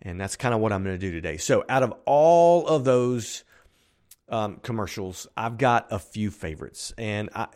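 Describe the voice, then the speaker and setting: A man's voice: fairly low pitch, animated, normal speed, darkish tone. A man hosting his own podcast, talking casually and upbeat, a self-described optimist who rambles with restarts and fillers. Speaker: podcast host. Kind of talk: casual solo podcast talk.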